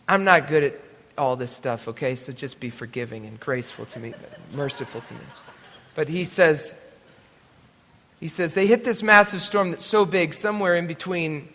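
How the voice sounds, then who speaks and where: A man preaches at a live event, telling a story in a rambling, intense way that swings between loud bursts and near-hushed passages. His voice sits fairly high and sounds bright and forceful through a stage mic. The hall gives it a long, ringing reverb. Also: normal speed. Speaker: worship leader giving a message. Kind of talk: emotional storytelling sermon.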